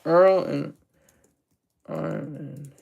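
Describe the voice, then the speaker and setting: A man's voice: a little high, fairly even intonation, extremely slow, creaky, a little mellow, breathy edge, lo-fi sound. A man giving casual, rambling solo commentary on hip hop, self-deprecating and full of restarts.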